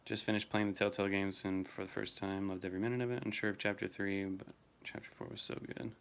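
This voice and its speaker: A man's voice: low voice, level tone, fast, a bit bright, clean tone. A young man casually chatting on a livestream, answering viewers by name and swearing now and then. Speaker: streamer reading live chat.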